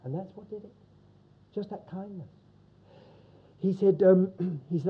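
A man's voice: on the high side, animated, brisk, slight background noise. Older man telling a church story. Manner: folksy, repeats "he said" often. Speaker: church speaker. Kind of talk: storytelling testimony to a congregation. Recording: dull lo-fi recording.

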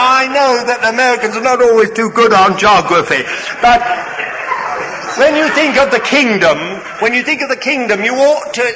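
A man preaching a sermon, deliberate and halting, with many fillers and gentle humour, in a large hall. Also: high voice. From Britain. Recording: reverberant hall, faint background noise.

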